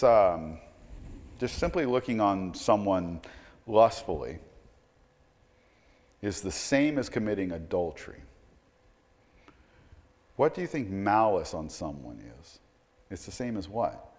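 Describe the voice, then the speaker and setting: Man, pastor, sermon, loud then hushed, stammering restarts, hall reverb. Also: big pitch swings, takes it slowly, long pauses. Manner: dynamic preaching, swings from loud emphatic to quiet and low; repeats words when starting sentences.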